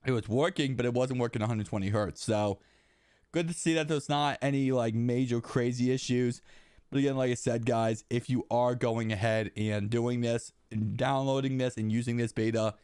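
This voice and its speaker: A man's voice: mid-range voice, darkish tone, clear, resonant tone, no room sound, studio quality. Sick man hosting a tech vlog. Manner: rambling, repeats himself. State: sick, voice shot. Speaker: tech channel host.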